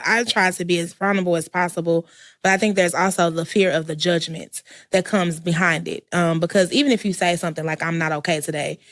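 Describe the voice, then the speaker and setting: A woman's voice: fairly low pitch, fairly bright tone, no room sound, studio quality. A woman in a candid panel conversation who speaks openly and personally and laughs easily, recorded indoors at a community center. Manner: open and personal, laughs readily.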